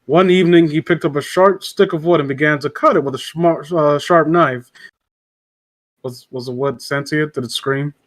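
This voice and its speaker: Man, slightly higher voice, informal home reading of a storybook with frequent self-corrections. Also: moderate pace. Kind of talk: casual read-aloud of a classic story.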